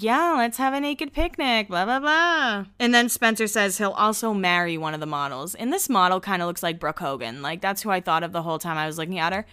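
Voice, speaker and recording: A woman's voice: medium pitch, bright, forceful tone, clear, resonant tone. A young adult woman hosting a casual chat, recapping a reality show and often laughing as she acts out quotes. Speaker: podcast host.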